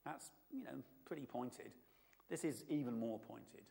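A man's voice: mid-range voice, animated, unhurried, vocal fry, mellow, in a large hall. A man giving an informal, conversational sermon to a congregation, often checking in with his listeners. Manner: conversational, asks the audience often. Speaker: preacher.

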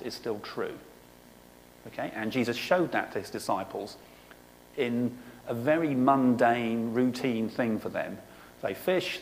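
A man's voice: medium pitch, vocal fry, slight background noise, rough recording. Man preaching in a chatty, casual way. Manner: conversational, often says "okay". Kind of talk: sermon with scripture reading.

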